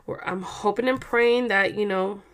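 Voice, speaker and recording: A woman's voice: mid-range voice, normal speed, fairly bright tone. Young woman vlogging from home, casual swearing rant, exasperated, rambling. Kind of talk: casual ranting monologue.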